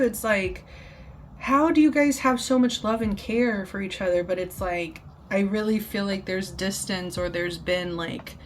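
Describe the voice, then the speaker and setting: A woman's voice: mid-range voice, a little hiss or hum. A woman reading tarot from home in a casual, rambling, giggly way with lots of filler words. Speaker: tarot reader. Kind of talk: casual tarot channeling video.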